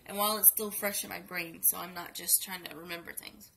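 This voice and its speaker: A woman's voice: fairly low pitch, fairly even intonation, brisk, gravelly, pushed and bright, a little hiss or hum, low-quality recording. Sleepy sick young woman vlogging. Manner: rambling with many fillers and restarts. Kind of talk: casual story time vlog.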